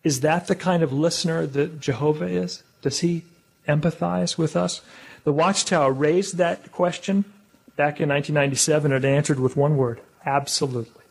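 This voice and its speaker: A man delivering a religious public talk, asking his listeners questions and slowing down to stress key words. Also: on the high side, steady tone, vocal fry, darkish tone, husky. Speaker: public speaker.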